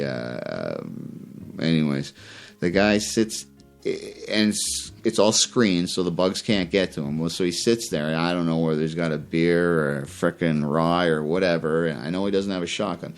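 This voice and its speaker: Low-voiced man ranting. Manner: rambling and heated, many fillers and restarts. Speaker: fishing podcast host. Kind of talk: casual opinion rant.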